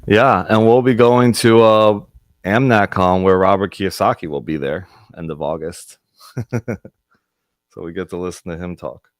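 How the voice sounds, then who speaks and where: A man's voice: deep voice, measured pace, dry recording, studio quality. A man hosting an online spiritual discussion group, talking casually and earnestly with repeated, searching phrases. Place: online group video call.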